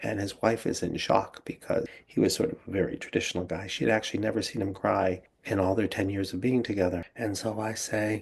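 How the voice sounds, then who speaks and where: A male therapist recounts a couples session in a calm, reflective way, with clients' words quoted along the way. His voice sits a little low and has a husky edge. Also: brisk. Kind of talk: storytelling about a therapy case.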